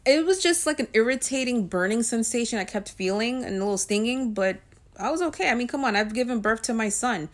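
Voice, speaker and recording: This woman vlogger has a somewhat high, animated voice and talks a little fast. With Guyanese and Puerto Rican roots, she's a chatty personal storyteller who keeps things loose and conversational, sprinkling in plenty of ums and likes.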